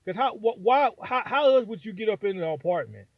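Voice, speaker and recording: Heated high-voiced man ranting. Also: expressive, a little fast, no echo. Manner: heated, profane, repetitive. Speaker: vlogger giving opinion. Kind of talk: angry opinion rant. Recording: dry, phone-like sound.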